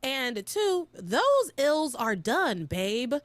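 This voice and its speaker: A woman host chats casually through a soap opera recap, animated and emphatic. Her voice rises and falls a lot as she talks. The sound is dry and close. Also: sits high, extremely slow, no echo. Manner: animated, emphatic, drawls for effect. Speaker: podcast host.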